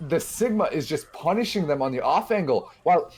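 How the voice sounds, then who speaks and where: A man casting a live esports match with quick, excitable play-by-play and frequent restarts. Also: a little high, breathy edge. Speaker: esports caster.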